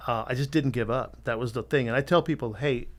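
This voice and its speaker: A man's voice: mid-range voice, fast. Candid, cursing middle-aged man. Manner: candid, swears freely, animated storyteller. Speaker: podcast guest, tattoo artist. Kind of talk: casual storytelling interview.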